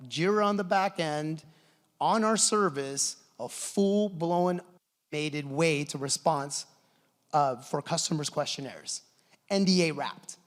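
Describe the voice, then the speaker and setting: Middle-aged man, conference presenter, enthusiastic storyteller, higher male voice, long hall reverb. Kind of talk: conference keynote talk.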